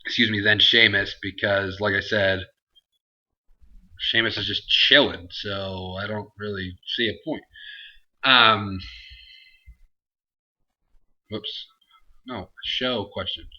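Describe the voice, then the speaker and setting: A man's voice: lowish voice, steady tone, slow pace, pushed and bright, highs cut off. A man hosting a casual Q&A vlog, answering viewer questions in a rambling, self-interrupting way. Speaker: host.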